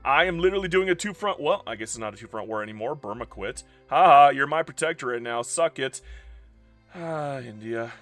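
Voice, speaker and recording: A young man commentating his strategy gameplay, swinging from loud outbursts of disbelief to ranting and gloating. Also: mid-range voice, expressive, brisk, soft background music. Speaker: strategy game video creator.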